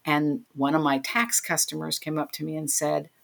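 A woman's voice: sits low, flat delivery, moderate pace, creaky, a bit bright. A middle-aged woman telling a personal story in an interview, emotional, acting out the voices of the people in it. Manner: emotional, retells scenes by voicing the people in them. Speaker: interview guest.

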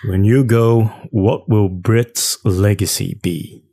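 Husky, mellow man asking questions. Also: lowish voice, fairly even intonation, slow pace. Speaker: host. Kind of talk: interview questions.

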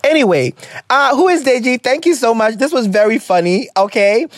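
A podcast host with a Ghanaian accent and a sore throat, chatting casually and mixing in Twi phrases. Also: female voice, on the high side, animated, normal speed, music in the background. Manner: chatty, laughs often, slips into Twi phrases. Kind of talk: casual chat.

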